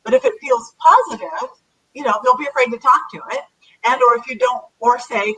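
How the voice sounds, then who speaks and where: A woman being interviewed as a psychic medium, chatting in a lively, animated way over a video call. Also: sits high, a little fast, husky, low-quality recording. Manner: chatty, animated, acts out commands to spirits. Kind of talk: casual interview chat.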